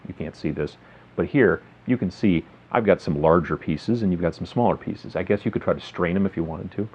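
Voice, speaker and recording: Man, very low voice, casual hobby tutorial, friendly rambling, muffled recording. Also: a little fast, darkish tone, breathy edge. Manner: rambling, friendly, filler-heavy explaining. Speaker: miniature hobby video host. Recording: slightly dull lo-fi sound.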